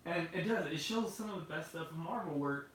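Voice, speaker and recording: A man chatting casually about movies, animated and laughing often, with many restarts. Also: fairly high pitch, a little fast. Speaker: movie discussion host. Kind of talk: casual chat. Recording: echoey room, far from the mic, faint noise.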